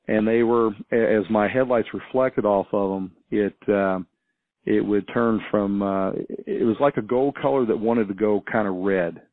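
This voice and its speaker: A man's voice: fairly low pitch, normal speed, no room sound. Man rambling over a tinny phone line. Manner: rambling, hesitant, many restarts and fillers. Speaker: caller. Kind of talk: casual storytelling on a call-in show. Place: small farm town.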